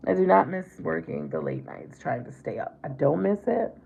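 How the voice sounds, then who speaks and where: Middle-aged lady chatting on a makeup livestream, super gravelly low voice, bit muffled lo-fi sound. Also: wildly swooping pitch, normal speed, mellow, slight background noise. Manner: chatty, affectionate, calls viewers babe and baby. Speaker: livestream host. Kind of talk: casual makeup livestream chat.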